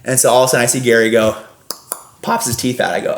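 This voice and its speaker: A young man tells animated, rambling stories as a podcast guest. His voice sits in a middle pitch, and the room around him adds a noticeable echo. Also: quick pace. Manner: animated, rambling, many fillers. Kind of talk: casual storytelling. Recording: roomy echo.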